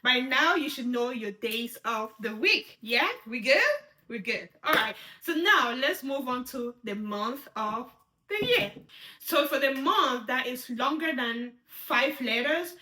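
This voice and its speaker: Woman, high-pitched, bright tone, patient step-by-step teaching, frequent check-ins. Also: expressive, takes it slowly. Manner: patient, repeats each sign word, checks in with "right?". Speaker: sign language teacher. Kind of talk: step-by-step instruction.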